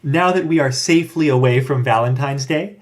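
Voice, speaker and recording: A man hosting a casual podcast chat, with dry, deadpan humor, reading out links and credits. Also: medium pitch, fairly quick. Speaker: podcast host.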